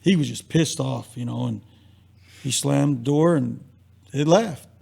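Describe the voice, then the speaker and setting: Guest storyteller: a man with a gravelly, husky voice, rambling through anecdotes on a live stream. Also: mid-range voice, a little slow, mellow. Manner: rambling anecdotes with acted-out quotes. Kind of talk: casual storytelling.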